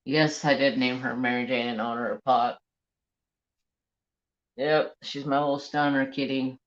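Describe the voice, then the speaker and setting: A man chats on a homemade crafting livestream, wandering from one salty story to the next as he greets people in the chat. His voice sits at a middling pitch. It comes through a dull, lo-fi phone recording. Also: fairly even intonation, measured pace, fairly bright tone. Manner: rambling, salty storytelling while reading live chat. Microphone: handheld phone.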